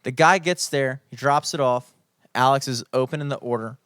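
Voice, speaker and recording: A man's voice: mid-range voice, moderate pace, fairly bright tone, clear, resonant tone, no room sound, clean studio sound. A young man co-hosting a podcast, telling a story in a casual, profane, mock-outraged way. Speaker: podcast co-host.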